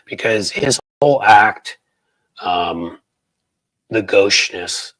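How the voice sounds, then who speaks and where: Reading viewer chats on his casual political stream, a US man speaks on the low side with lively intonation and drawn-out words. He rambles angrily and sarcastically, with lots of fillers and restarts, over a low-quality recording.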